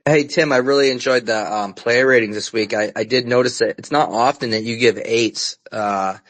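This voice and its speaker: A man's voice: medium pitch, moderate pace, a bit bright, rough recording. A man hosting a casual fan podcast, bantering with callers in a laid-back, joking way. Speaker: podcast host.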